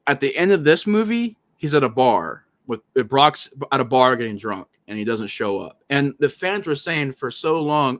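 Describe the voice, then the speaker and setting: A man hosting a podcast in casual movie talk, animated and profane, often acting out lines he quotes. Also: mid-range voice, moderate pace, hardly any pauses. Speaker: podcast host.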